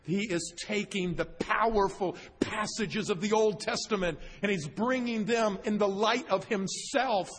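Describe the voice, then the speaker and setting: A male pastor preaching a sermon, reading scripture slowly and with emphasis, with joking asides to the congregation. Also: high voice, husky. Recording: long hall reverb.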